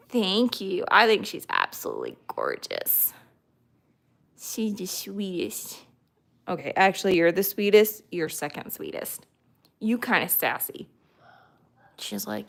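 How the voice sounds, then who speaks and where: A woman hosting a casual live stream from home, rambling and chatty with many ums, drifting into soft baby talk with her dogs. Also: medium pitch, sing-song, a little slow, vocal fry.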